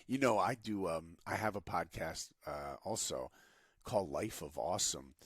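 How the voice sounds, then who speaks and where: A man's voice: deep voice, normal speed, breathy edge, no echo, studio quality. A man telling motivational stories as a podcast guest, acting out the quotes with a lot of energy. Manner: animated, acts out quotes. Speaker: podcast guest, animation director. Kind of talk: motivational storytelling.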